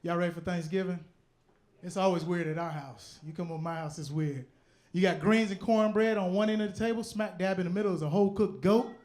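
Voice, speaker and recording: A high-voiced man tells jokes with brash, loud punchlines. He performs his stand-up routine on a comedy club stage. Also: brisk.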